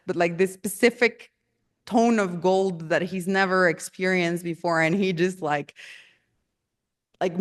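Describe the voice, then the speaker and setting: 一位女士随意地讲家里的故事，说话絮叨，常常笑。. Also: female voice, on the low side. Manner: chatty, laughs often, many fillers. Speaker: storyteller. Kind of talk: casual storytelling.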